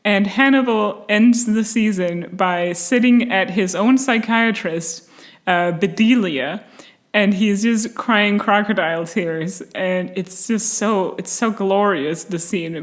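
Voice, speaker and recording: A woman hosting a casual commentary video, animated and sarcastic, often breaking into laughter. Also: mid-range voice. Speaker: video essay host.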